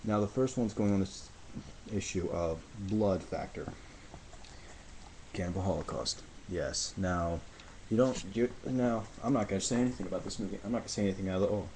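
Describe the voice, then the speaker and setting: Man, deep voice, excitable, rambling, breathless, noisy recording. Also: normal speed. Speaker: video reviewer. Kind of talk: casual movie review vlog.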